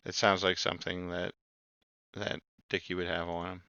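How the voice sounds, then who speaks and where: A man's voice: deep voice, level tone, moderate pace, bright, forceful tone, clean tone, no room sound, muffled recording. A man running a tabletop game as game master, narrating hesitantly with frequent ums and uhs.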